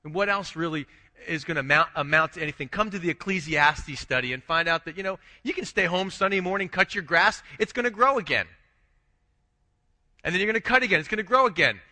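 Bright-voiced man preaching a sermon. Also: high voice, animated, fast talker, long reverb tail. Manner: conversational preaching, frequent restarts, rhetorical questions. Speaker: pastor.

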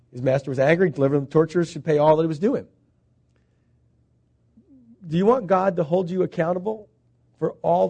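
Male pastor, sermon, chatty questions to the congregation, high voice, raspy fry. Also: darkish tone. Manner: conversational preaching, asks the congregation questions.

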